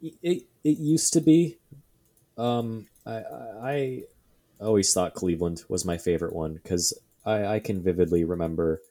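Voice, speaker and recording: A man's voice: fairly low pitch, measured pace, dark tone. A young adult man co-hosting a casual podcast, thinking aloud with many fillers and restarts. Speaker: podcast co-host.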